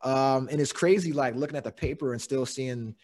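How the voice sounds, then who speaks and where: A man's voice: medium pitch, brisk. Laughing, profane young man hosting. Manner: profane, laughing, animated storyteller. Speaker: podcast host. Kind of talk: casual chat.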